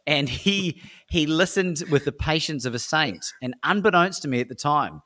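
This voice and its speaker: A man's voice: fairly high pitch, expressive, moderate pace, sharp tone. An Australian man, a speaker and coach, telling stories in a podcast interview in an enthusiastic, motivational way. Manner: enthusiastic, motivational, with frequent fillers like "right?". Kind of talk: animated storytelling in a podcast interview.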